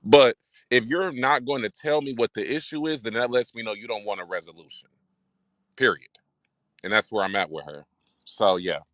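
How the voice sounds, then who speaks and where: A man with a very deep, low voice talks things through on a livestream, direct and measured. The sound is dry and close. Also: fairly bright tone, no echo, poor audio. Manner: direct, measured, speaks in long reasoning runs. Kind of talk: casual livestream chat.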